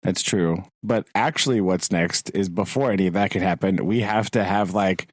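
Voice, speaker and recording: A man's voice: sits low, moderate pace, dry recording, poor audio. Man chatting animatedly about a book. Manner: animated, laughs often, quotes characters. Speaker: podcast co-host. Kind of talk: casual book discussion.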